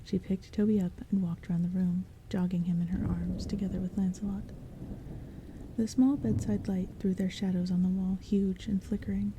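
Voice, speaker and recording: A woman reading a novel aloud as a soft-spoken bedtime story, in a soft, breathy half-whisper. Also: medium pitch, flat delivery, normal speed, noisy background. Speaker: audiobook reader. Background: soft rain and thunder.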